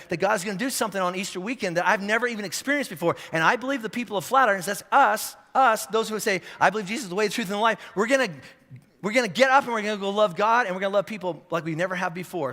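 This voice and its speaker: Fast, bright-voiced pastor preaching. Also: male voice, sits high, big-room sound. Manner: animated, repetitive restarts, rising to shouts. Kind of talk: sermon. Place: church auditorium.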